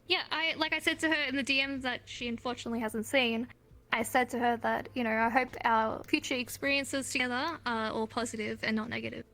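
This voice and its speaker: High, bright-voiced chatty woman. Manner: rambling, giggly storytelling. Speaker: interview guest. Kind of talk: casual chat. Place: online voice chat.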